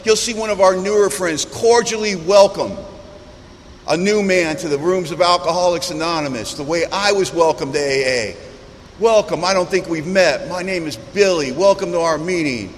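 A man's voice: high-pitched, normal speed. A man speaking at a recovery meeting, mixing humorous storytelling with earnest reflection. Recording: long hall reverb, faint background noise.

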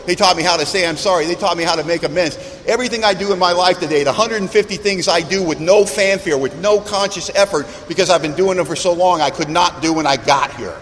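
A man's voice: high-pitched, fast talker, few pauses, a bit bright. A man speaking at a recovery meeting, mixing humorous storytelling with earnest reflection. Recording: long hall reverb, faint background noise.

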